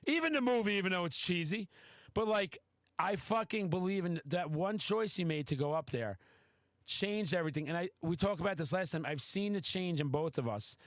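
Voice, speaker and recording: A man with a high voice tells a story on a podcast, excitable and quick to swear. The sound is dry and close to the mic. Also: no room sound. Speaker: podcast host. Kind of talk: casual podcast chat.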